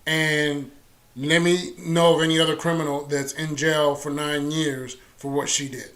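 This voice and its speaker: A man's voice: fairly high pitch, little pitch movement, measured pace, a bit bright, a little hiss or hum. Sarcastic male political talk host. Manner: casual, sarcastic, many fillers. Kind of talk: casual political commentary.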